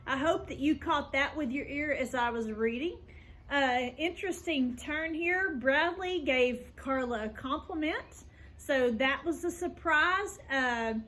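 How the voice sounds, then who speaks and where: A woman's voice: high-pitched, fairly bright tone. A woman teacher reading a chapter book aloud to students and chatting to them afterwards. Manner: friendly, speaks straight to students. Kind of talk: read-aloud storytelling.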